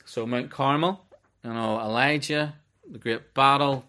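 A man giving a relaxed, unscripted Bible teaching, reading verses aloud as he goes. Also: medium pitch, unhurried. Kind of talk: conversational sermon.

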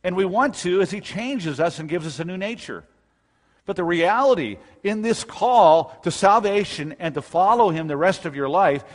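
Male pastor, slightly high voice, emphatic sermon delivery, long hall reverb. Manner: emphatic preaching, rising to loud bursts. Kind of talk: expository sermon.

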